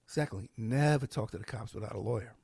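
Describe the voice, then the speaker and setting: Podcast guest, male, hoarse and husky, gravelly edge, animated storyteller. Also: on the low side, fast talker, dry recording, clean studio sound. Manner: animated, acts out quoted voices. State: hoarse, losing his voice. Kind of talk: casual storytelling and advice.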